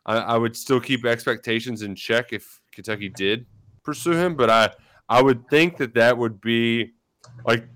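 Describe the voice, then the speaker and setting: A man's voice: medium pitch, a bit bright, clean tone, dry recording. A man co-hosting a sports radio show, breaking down players and adding dry jokes. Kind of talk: casual sports talk and analysis.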